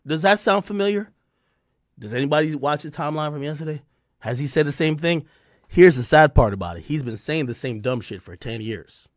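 A man giving a profane, mocking ranting commentary, animated throughout. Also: a little high, fairly quick, dry recording, clean studio sound. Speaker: online commentator.

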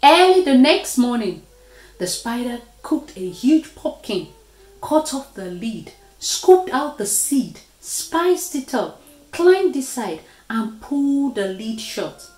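A woman reads a storybook aloud to kids, slow and unhurried. Her pitch rises and falls expressively from line to line. The recording has a noticeable room echo. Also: sing-song, a little mellow. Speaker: children's story reader.

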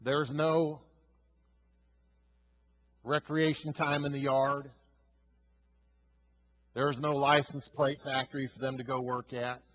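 A male pastor preaching a sermon with emphatic delivery, swinging from loud stresses to hushed lines. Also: medium pitch, level tone, slow, long pauses, low-quality recording.

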